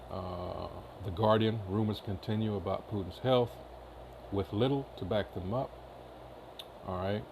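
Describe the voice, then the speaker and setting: A commentary channel host reads news headlines aloud in a casual way, dropping lots of filler uhs and brief asides. His voice sits on the low side with vocal fry, and there's background noise.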